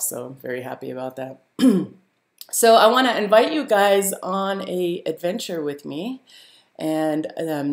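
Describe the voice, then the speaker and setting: A woman hosting a live stream, telling a story to her viewers in a casual, animated way, laughing often and using many fillers. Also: deep voice. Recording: roomy echo.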